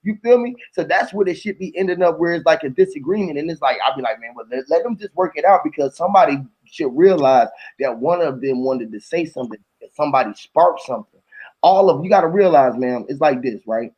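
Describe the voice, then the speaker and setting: Husky-voiced man in rambling casual chat. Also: fairly high pitch, fairly quick. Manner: rambling, animated, swears freely, slangy. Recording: dull lo-fi audio.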